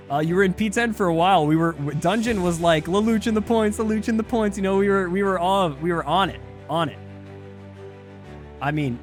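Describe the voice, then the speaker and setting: A hyped man with a high-sitting voice hosts a race stream as a streamer and race league host. His casual live-stream commentary rambles as he talks to his chat.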